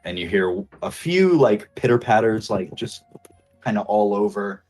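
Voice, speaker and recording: A man's voice: fairly low pitch, sing-song, a little slow, darkish tone, soft background music. A man narrating a tabletop role-playing game as game master, hesitant and full of fillers.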